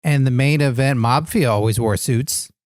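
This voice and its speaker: A man co-hosting a comedy wrestling podcast, goofy and deadpan in his banter. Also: mid-range voice, normal speed, dry recording, clean studio sound. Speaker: podcast co-host.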